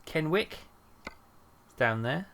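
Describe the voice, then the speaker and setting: A man's voice: a little high, animated, takes it slowly, creaky, a bit bright. A man streaming a trucking game, rambling and thinking aloud with lots of fillers. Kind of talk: casual gameplay chat.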